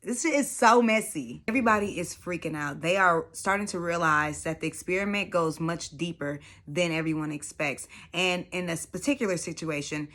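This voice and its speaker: A woman hosting a casual reality show recap, animated and slangy with plenty of profanity. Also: on the low side, normal speed, few pauses.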